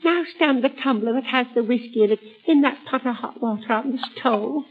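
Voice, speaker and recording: A woman's voice: a little high, a little fast, breathy edge. An actress playing a fussy, hypochondriac old mother in a comic sketch, whining and self-pitying. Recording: tinny, phone-like old recording.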